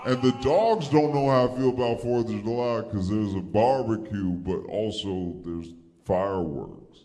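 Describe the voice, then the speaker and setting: A man doing a stand-up comedy set, telling stories in an animated way and acting out the dialogue in raised voices. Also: on the low side, a little slow, faint music behind.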